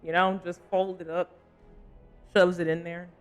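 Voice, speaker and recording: A man with a high voice plays a role-playing game live. He rambles, cracks jokes and keeps talking to his chat as he goes. Faint music plays behind him. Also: little pitch movement, measured pace, clean tone, lo-fi sound. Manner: rambling and joking, talks to chat. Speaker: streamer. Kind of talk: casual gaming livestream commentary.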